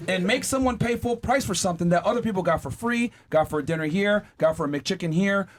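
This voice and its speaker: A man's voice: high voice, quick pace, background noise. A man hosting a podcast panel, spinning a scenario and acting out exasperated voices, swearing freely. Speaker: podcast host. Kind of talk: animated podcast panel talk.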